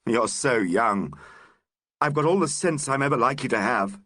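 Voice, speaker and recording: A man's voice: mid-range voice, animated, moderate pace, sharp tone, dry recording, studio quality. A man reading a troubled man under suspicion in an audiobook, bitter and strained. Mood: weary. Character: troubled man suspected of murder.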